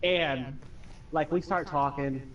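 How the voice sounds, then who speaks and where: A man's voice: a little high, slow pace, lo-fi sound. Profane young man telling stories, a bit distant. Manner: animated, profane, acts out quoted friends and family. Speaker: streamer telling stories while playing. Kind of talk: casual storytelling over gameplay.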